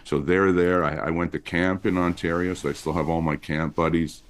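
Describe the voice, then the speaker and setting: A male comedian from Montreal chatting as a podcast guest, telling stories in a loose, lively way with lots of fillers. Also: a little fast. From Montreal, Canada. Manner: chatty storyteller with lively pitch swings. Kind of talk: casual interview chat.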